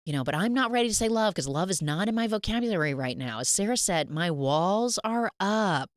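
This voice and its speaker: A woman's voice: mid-range voice, animated, brisk, no room sound, clean studio sound, lightly acted. A woman acting out a flustered widow.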